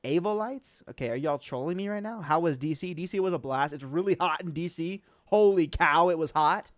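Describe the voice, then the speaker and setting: A man's voice: a little high, brisk, no room sound, studio quality. A young man hosting a casual livestream, answering chat questions in a loose, slangy way with lots of fillers.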